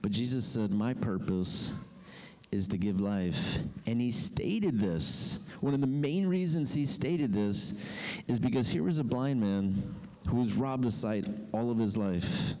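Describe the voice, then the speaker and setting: A man preaching a sermon emphatically, with slow, drawn-out pauses. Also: medium pitch, darkish tone, poor audio. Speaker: pastor.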